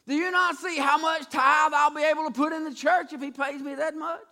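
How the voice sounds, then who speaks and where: A man voicing a greedy male prophet who wheedles in a folksy drawl and breaks into pleading shouts. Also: a little high, brisk, voice pushed down.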